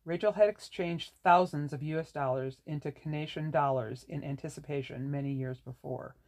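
A reader narrating a novel in a measured, even way. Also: mid-range voice. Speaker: audiobook narrator. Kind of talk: scripted narration.

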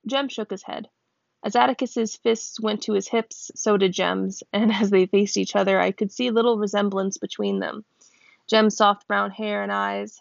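A woman reading a novel aloud, lifting her pitch a little for the characters' lines, at times stopping to check how a word is said. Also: gravelly, no echo. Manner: voices characters with small pitch lifts; stops to check a word's pronunciation and laughs. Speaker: reader. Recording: dull, dry close recording.

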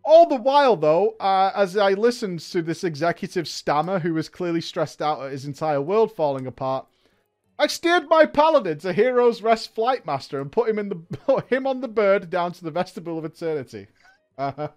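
A man with a high voice reads a story aloud to his viewers, his pitch leaping all over the place. He reads casually and keeps stopping for laughs and sweary, mocking remarks. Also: normal speed, faint music behind. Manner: lively reading broken by laughs, swearing and mocking asides. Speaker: streamer reading a story aloud. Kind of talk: casual reading with reactions.

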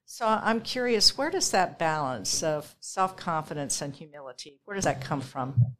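A woman's voice: sits low, expressive, normal speed, fairly bright tone. A woman hosting an interview, asking questions in an admiring, encouraging way. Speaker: interviewer, host.

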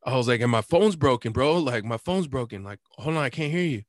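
A man's voice: mid-range voice, animated, fast, few pauses, no room sound, clean studio sound. A young man telling a prank story in casual chat, laid-back and slangy, laughing often and acting out both sides.

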